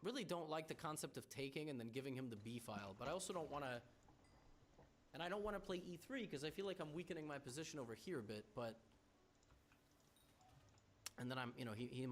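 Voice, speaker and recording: A man's voice: medium pitch, brisk, a little hiss or hum. A man playing chess and thinking his moves through aloud, with stammering restarts and wry teasing of his opponent. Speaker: chess streamer.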